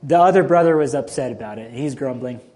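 A man's voice: mid-range voice, fast talker, a little mellow. A man preaching a sermon as a pastor, emphatic and full of rhetorical questions to his listeners.

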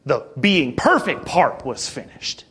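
A man preaching a sermon, animated, swinging between quiet and loud delivery. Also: a little high, takes it slowly, husky.

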